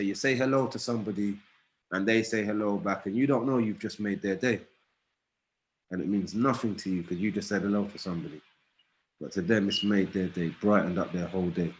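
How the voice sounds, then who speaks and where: A middle-aged man, a guest on a video call, telling lively stories about his children and laughing often. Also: on the low side, brisk, a little hiss or hum. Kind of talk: casual storytelling.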